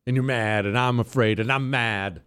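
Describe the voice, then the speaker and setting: A man's voice: medium pitch, steady tone, normal speed, fairly bright tone, clean tone. Combative talk radio host man. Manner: combative, sarcastic, emphatic. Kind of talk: political talk radio monologue.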